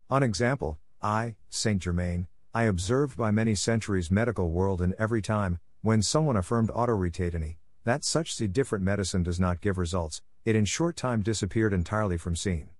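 A man reading a spiritual discourse aloud in a steady, stilted way with awkward phrasing. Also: low-pitched, no echo, clean studio sound. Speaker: reader of spiritual teachings.

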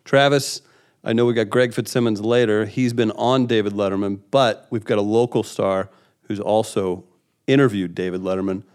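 A man's voice: on the low side, fairly even intonation, moderate pace, darkish tone, smooth. A man hosting a podcast, chatting and joking with his guest. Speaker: podcast host. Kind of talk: casual podcast chat.

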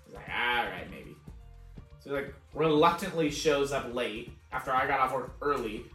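A man's voice: medium pitch, moderate pace, pushed and bright. A young adult man, a podcast co-host, telling a casual story, laughing often, swearing and acting out his own lines. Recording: echoey room, far from mic, faint music.

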